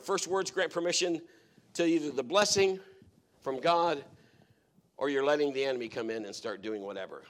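A middle-aged pastor delivers a sermon. His voice sits a little on the high side. He drops to near-whispers, then rises to loud, emphatic declarations. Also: normal speed, pauses often. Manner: storytelling, swings from hushed to loud and emphatic.

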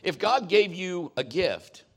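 A man's voice: high voice, very animated, takes it slowly, creaky. Folksy, joking middle-aged male pastor. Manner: conversational, folksy, joking asides. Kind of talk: sermon.

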